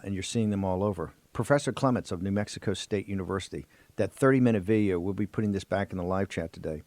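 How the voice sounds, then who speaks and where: A man's voice: sits low, darkish tone, dry recording. A man hosting a political talk radio show, speaking in sweeping, emphatic oratory from a studio. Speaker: host.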